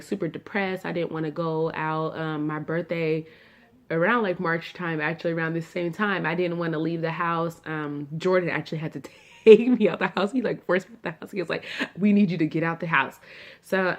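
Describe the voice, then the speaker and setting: A young woman tells her story straight to her viewers in a loose, chatty vlog style. Her voice sits a touch low for a woman, and she leans on fillers, calling her audience y'all. It sounds relaxed and conversational, never scripted. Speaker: vlogger.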